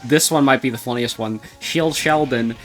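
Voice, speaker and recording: A man's voice: medium pitch, normal speed. A man on a gaming stream, reading game dialogue aloud in a dry voice and laughing between lines, with faint music behind. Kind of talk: casual gaming stream chat.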